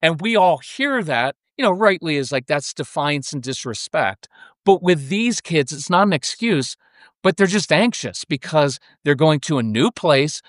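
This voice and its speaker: A middle-aged man talking as a podcast guest about parenting, animated and acting out little scenes of parent and child. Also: on the high side, a little slow, no echo, clean studio sound. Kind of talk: casual interview conversation.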